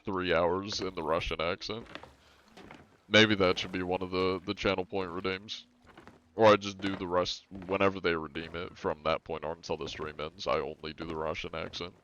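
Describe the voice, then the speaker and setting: Deep-voiced male streamer, easygoing and rambling, faint hiss. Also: level tone, normal speed, fairly bright tone, dull audio. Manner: rambling, laid-back, chuckling asides. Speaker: game streamer. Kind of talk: casual live-stream chat.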